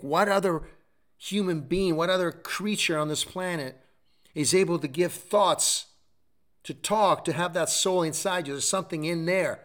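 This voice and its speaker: Man, middle-aged, show host, motivational preaching, repetitive, exhorting, slightly high pitch. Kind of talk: motivational talk.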